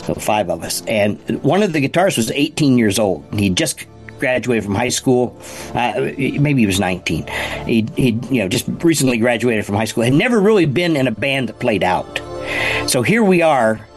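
An older man and former band musician telling a casual, animated story, rambling with frequent restarts. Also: medium pitch, normal speed, soft background music.

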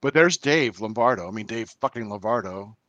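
A man's voice: on the low side, lively intonation, a little fast, fairly bright tone, dull audio. A man co-hosting a casual podcast, telling rambling, profane concert stories with frequent laughs. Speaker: podcast co-host. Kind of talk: casual chat among friends.

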